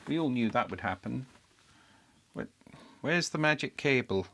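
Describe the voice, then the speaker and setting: A man talking half to himself at an electronics workbench, mid-pitched and unhurried. He mutters as he checks parts and searches for things, with a wry, self-deprecating edge. It sounds like a live build stream with thinking aloud. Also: expressive, a bit bright. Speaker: electronics hobbyist host.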